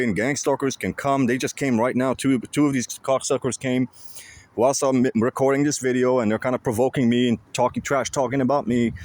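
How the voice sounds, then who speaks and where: A man's voice: mid-range voice, darkish tone. A man vlogging outdoors by a lake, speaking to his viewers in an intense, repetitive and profane way. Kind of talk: casual monologue to viewers.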